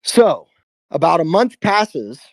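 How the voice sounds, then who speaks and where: A man telling a personal story on a live stream about shadow work, speaking emphatically with profanity and long pauses. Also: a little high, big pitch swings, dry recording. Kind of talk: intense personal storytelling to a listener.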